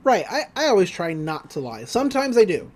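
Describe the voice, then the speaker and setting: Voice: mid-range voice, sing-song, brisk, a little mellow, a little hiss or hum. A podcast host giving a casual, rambling episode recap, often laughing.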